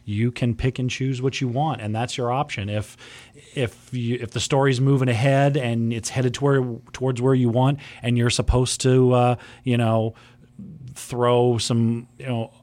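A man on a casual gaming podcast who often hesitates and fills pauses with "uh" and "you know.". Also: mid-range voice, level tone, darkish tone.

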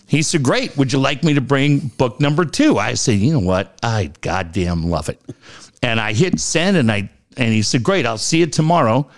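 A middle-aged man hosting a talk show, telling stories with a lively, bouncing voice that rises and falls freely. His pitch sits in an ordinary middle range, and his delivery is loose and conversational. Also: normal speed, hardly any pauses. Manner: animated storytelling, lively swings in pitch. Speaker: radio show host. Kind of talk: casual podcast talk.

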